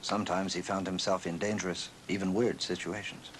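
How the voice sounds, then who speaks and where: A man delivering measured, scripted documentary narration. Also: deep voice, level tone, a little hiss or hum, poor audio.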